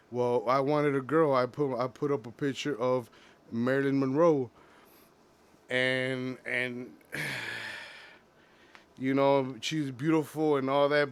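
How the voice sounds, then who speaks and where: Halting young man opening up. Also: medium pitch, clean tone. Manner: halting, many restarts and fillers. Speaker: vlogger. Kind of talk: personal confessional monologue.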